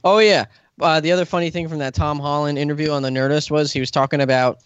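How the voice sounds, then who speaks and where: A man hosting a casual movie podcast, excitable and rambling, laughing often. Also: a little high, fast, clean tone, no echo, highs cut off. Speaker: podcast host.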